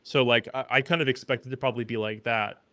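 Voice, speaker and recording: A man co-hosting a podcast, explaining things in a relaxed, matter-of-fact way. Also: medium pitch, quick pace, no room sound. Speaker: podcast co-host. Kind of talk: casual explaining.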